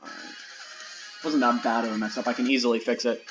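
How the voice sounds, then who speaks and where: A man's voice: mid-range voice, steady tone, fairly quick, fairly bright tone. A young American man in his twenties chatting casually with viewers during a live game stream, rambling and talking straight to his audience. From United States. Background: faint background music.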